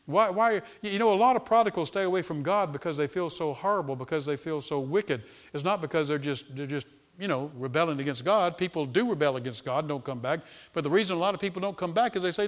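A man preaching a sermon, swinging between loud emphasis and hushed tones, and repeating words as he speaks off the cuff. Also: on the high side, expressive, a little fast.

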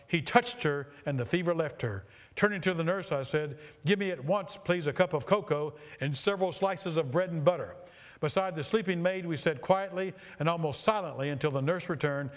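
Man, preacher, sermon, impassioned reading, slows for emphasis, slightly high voice. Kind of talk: sermon reading a story aloud.

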